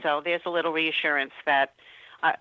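Animated woman radio co-host. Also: sits low, moderate pace, no echo, muffled recording. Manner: storytelling, animated, laughs easily. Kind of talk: casual radio chat.

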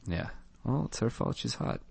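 A man co-hosting a casual podcast, joking and cutting in with quick remarks. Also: darkish tone, slight background noise. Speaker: podcast co-host. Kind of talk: casual banter.

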